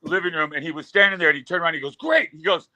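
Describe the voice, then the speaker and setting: A man's voice: on the high side, racing, sharp tone, poor audio. A man in his fifties, a guest musician, telling rambling stories with loose fillers in casual talk. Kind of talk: casual storytelling.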